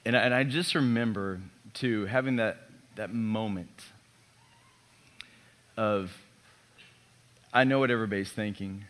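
A man in his thirties, a pastor preaching a sermon built around a personal story, animated and self-mocking. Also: on the low side, a little slow, pauses often.

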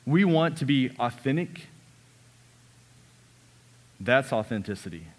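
A man preaching a sermon as a pastor, earnest, sometimes dropping his voice to a hush on key lines. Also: medium pitch, animated, takes it slowly. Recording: long reverb of a large hall.

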